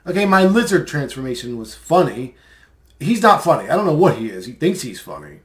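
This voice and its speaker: A man's voice: medium pitch, big pitch swings, normal speed. A man in a casual commentary vlog, rambling and mocking, with many fillers as he replies to comments. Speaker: video creator replying to comments.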